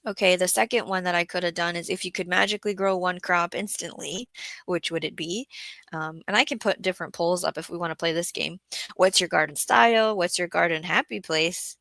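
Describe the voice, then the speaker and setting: Woman streamer, gravelly bright voice, tired, casual gardening chat, close dry mic. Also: fairly low pitch, brisk, no room sound. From Southeast Florida. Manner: chatty, thinks aloud, frequent throat clearing. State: tired after a bad day. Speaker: gardening livestream host. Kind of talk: casual live-stream chat reading comments.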